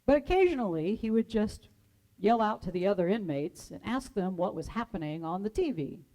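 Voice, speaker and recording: A woman minister giving a sermon, telling stories in a gentle, measured way and dramatizing the quotes. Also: mid-range voice, sing-song, poor audio. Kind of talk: sermon storytelling.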